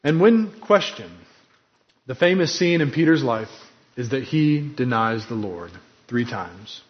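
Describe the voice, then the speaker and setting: A man's voice: medium pitch, animated, a little slow, dull audio. A man preaching a sermon in an earnest, emphatic way, acting out quoted lines with drama. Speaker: pastor.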